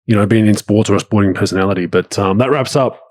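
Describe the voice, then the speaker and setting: A man's voice: on the low side, fast, a little mellow, dry recording. A man with an Australian accent hosting a podcast, talking in a laid-back, plain-spoken way. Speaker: podcast host. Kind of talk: casual chat.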